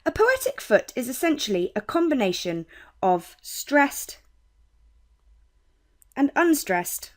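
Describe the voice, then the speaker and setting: A young woman with a British accent, tutoring on poetry in a clear, measured way. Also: high voice, sing-song. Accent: British English. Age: young adult. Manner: clear, measured teaching with quoted lines read slowly. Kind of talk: explaining poetry terms.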